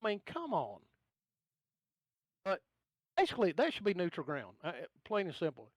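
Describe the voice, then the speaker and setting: A high, lively Southern man with a thick drawl who rants bluntly about whatever's bugging him. His voice swings up and down as he talks, and it sounds close and dry with no room around it. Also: moderate pace, no echo. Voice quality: drawling, gravelly-toned. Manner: ranting, animated, blunt and joking. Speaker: podcast guest. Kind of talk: casual chat.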